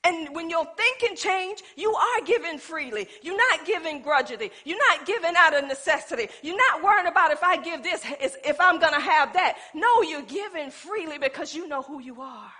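A woman's voice: extremely high pitch, lively intonation, normal speed, few pauses, sharp tone. A woman pastor preaching a sermon in a colloquial style. She calls out to the congregation and acts out little scenes from her own life.

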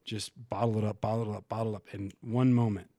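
A man's voice: fairly low pitch, little pitch movement, fast talker, warm tone, no room sound, clean studio sound. A man talking as a podcast guest, frank and emotional, swearing and restarting his sentences as he tells a personal story. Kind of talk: candid conversational storytelling.

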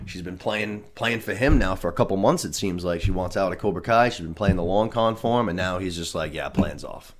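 A man's voice: sits low, brisk, few pauses. A man hosting a podcast, recapping a TV season in casual, profane chat full of "you know what I mean". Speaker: podcast host.

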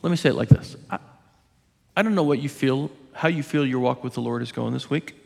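A male pastor preaching an earnest, emphatic sermon, pausing on key words for weight. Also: mid-range voice, creaky, darkish tone, in a large hall.

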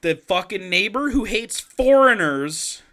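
A man's voice: sits high, expressive, measured pace, sharp tone. A man co-hosting a podcast, recapping a movie in casual, profane, joking banter and laughing often. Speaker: podcast co-host.

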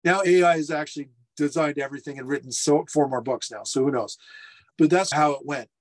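Middle-aged man telling lively stories. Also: fairly high pitch, a little fast. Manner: lively anecdotal storyteller, acts out quotes. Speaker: restaurateur guest. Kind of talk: casual storytelling interview. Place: home furnace room.

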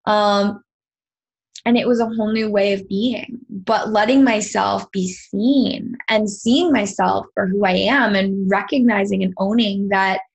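Breathy woman telling a heartfelt story. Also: medium pitch, unhurried, low-quality recording. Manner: earnest, animated storytelling with quoted dialogue. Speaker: podcast guest, sound healer. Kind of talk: personal storytelling in an interview.

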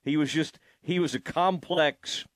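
A man's voice: a little high, fairly even intonation, unhurried, no echo. A man hosting an interview in a casual way, asking rambling, hesitant questions with many restarts. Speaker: podcast host.

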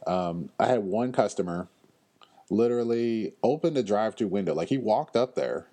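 Low-voiced man, casual blunt storyteller. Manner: animated storyteller, slangy and blunt; frequent fillers and pauses. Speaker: podcast host. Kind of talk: casual chat.

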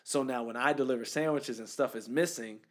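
A man's voice: mid-range voice, a little fast. A man telling a story in a casual faith-based conversation, acting out the voices he quotes.

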